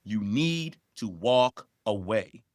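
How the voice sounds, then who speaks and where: A man's voice: fairly low pitch, lively intonation, slow, no room sound, clean studio sound. A man co-hosting a podcast, giving emphatic, repetitive advice that rises sharply when he stresses a point. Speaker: podcast co-host.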